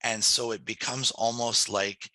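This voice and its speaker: Bright, dry-sounding low male voice. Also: steady tone, unhurried, no room sound, poor audio. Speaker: podcast co-host. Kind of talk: casual chat.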